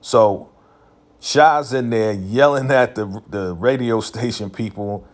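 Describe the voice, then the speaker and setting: A man's voice: on the low side, takes it slowly. A man casually recapping a TV episode in a laid-back, slangy way, full of filler phrases.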